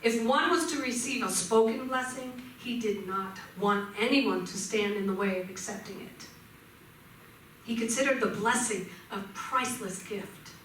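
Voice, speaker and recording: A woman minister giving a gentle sermon in a church, telling stories and voicing shouts vividly. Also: on the high side, normal speed, slight background noise. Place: church sanctuary. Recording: echoey church hall from far off.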